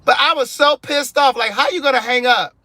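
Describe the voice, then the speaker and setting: A man telling a story in casual vlog style from his car, animated and exasperated, acting out both sides of his phone calls. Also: very high-pitched, a little fast, no room sound. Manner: sassy, exasperated. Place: inside a car.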